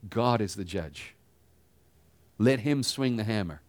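Lower-voiced man preaching conversationally. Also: lively intonation, slow, heavy background noise. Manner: conversational preaching with rhetorical questions. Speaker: pastor. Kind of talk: sermon.

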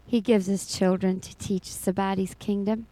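A woman's voice: mid-range voice, flat delivery, moderate pace, warm tone, no echo, low-quality recording. A middle-aged woman giving a personal faith testimony as a foster mother, telling her story expressively and laughing often.

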